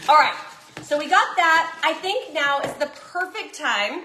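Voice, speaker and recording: A woman's voice: sits high, animated, measured pace, bright, forceful tone, echoey room, slight background noise. A woman with a Southern accent chatting casually as she cooks in her home kitchen, talking to her viewers. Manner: chatty, bubbly, talks while cooking. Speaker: cooking vlogger. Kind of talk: casual cooking chat.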